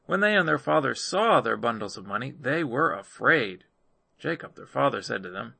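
A man reading scripture aloud in measured narration. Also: mid-range voice, sing-song, vocal fry, pushed and bright, slightly rough, no echo. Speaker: scripture reader.

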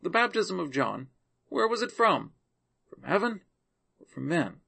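A man voicing a compassionate male teacher in a scripture reading, speaking in a calm, earnest, measured way. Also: high-pitched, gravelly, breathy edge, voice pushed up, exaggerated voice.

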